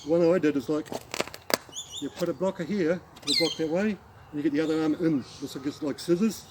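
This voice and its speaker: A middle-aged Australian man telling a rambling anecdote as a martial arts instructor, halting and restarting as he demonstrates the moves. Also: a little high, noisy background. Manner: rambling, halting storyteller who demonstrates moves while talking. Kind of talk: casual spoken anecdote with demonstration.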